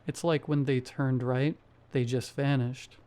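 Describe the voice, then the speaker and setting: A man reading a first-person horror story aloud in a steady storytelling manner. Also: mid-range voice, a little slow. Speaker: story narrator. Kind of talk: scripted horror narration.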